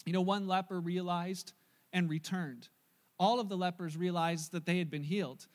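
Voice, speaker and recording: High-voiced pastor man preaching. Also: a little fast. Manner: animated storytelling with acted-out voices. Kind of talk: sermon.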